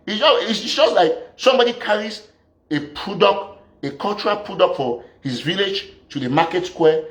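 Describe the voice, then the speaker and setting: A man's voice: high voice, expressive, normal speed, a bit bright. A man from Southern Cameroon, ranting as a political activist. He scolds his opponents and fires off one rhetorical question after another. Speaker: activist commentator. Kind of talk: political rant.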